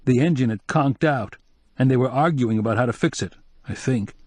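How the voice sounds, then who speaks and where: A man's voice: medium pitch, normal speed, a little mellow, no echo, pitched above the performer's own voice, natural voice. A man voicing a wry, curious newspaper reporter in an audiobook, in a dry recording.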